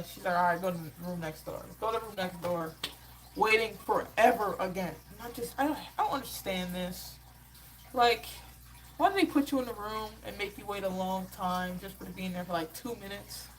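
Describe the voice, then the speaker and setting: A woman hosting a live sports reaction stream, telling a story in an exasperated, slangy way with animated asides. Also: medium pitch, rough recording.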